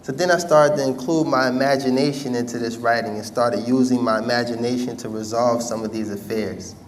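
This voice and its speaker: A man's voice: mid-range voice, steady tone, fairly quick. A man telling his life story to an audience in casual, conversational speech with street slang. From United States. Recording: distant mic with faint background noise.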